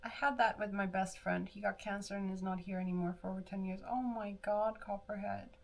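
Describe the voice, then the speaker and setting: A woman's voice: medium pitch, steady tone, fairly quick, creaky. A woman livestreamer chatting casually with viewers, rambling and answering chat while she does her hair. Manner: rambling, with restarts.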